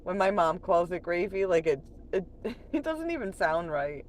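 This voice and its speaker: A woman's voice: lowish voice, big pitch swings, moderate pace, a little hiss or hum. A woman chatting on a late-night livestream from home, profane and laughing often while she reads chat aloud.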